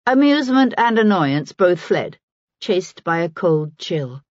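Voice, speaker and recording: A woman reading a historical novel aloud as an audiobook narrator, in a measured storytelling manner. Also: on the low side, very animated, a little mellow, no echo, muffled recording. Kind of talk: scripted narration.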